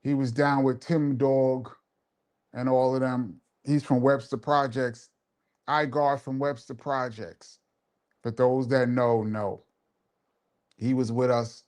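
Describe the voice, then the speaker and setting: A man's voice: mid-range voice, flat delivery, slow, a little mellow. A man hosting a live show and telling a laid-back, laughing story in casual street slang. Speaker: host and DJ.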